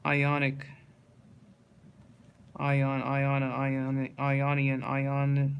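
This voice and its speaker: Man, mid pitch, dead-level delivery, reading a long word list and tripping over tricky words. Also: slight background noise. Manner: slow steady monotone listing, stumbles and restarts on hard words.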